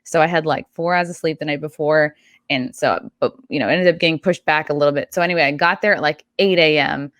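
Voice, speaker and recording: A woman's voice: sits low, fast, a bit bright, no room sound, studio quality. A young woman guest on a talk show, telling a rambling story in a chatty way with many fillers. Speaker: podcast guest. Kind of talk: casual talk-show chat.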